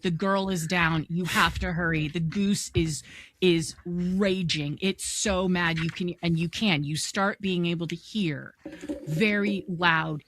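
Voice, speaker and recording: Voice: medium pitch, a bit bright. A game master voicing a frantic male villager. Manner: frantic, repeating himself. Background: faint music.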